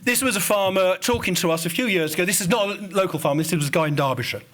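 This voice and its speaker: Male conference speaker, Estuary English accent, higher voice, informal and audience-facing. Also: fast, fairly bright tone. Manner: informal, addresses audience directly. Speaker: conference speaker presenting research. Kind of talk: conference presentation.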